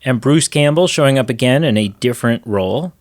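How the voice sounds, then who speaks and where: A man co-hosts a podcast, talking through movies in a loose, excited ramble full of restarts. His voice sits at a middle pitch. The sound is dry and close. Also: a little fast, no room sound. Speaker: podcast co-host. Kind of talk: casual movie chat.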